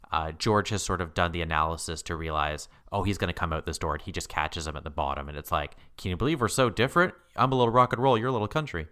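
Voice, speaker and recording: A man co-hosting a podcast in casual chat, animated and laughing often, jumping high when he quotes himself. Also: clear, resonant tone. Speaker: podcast co-host.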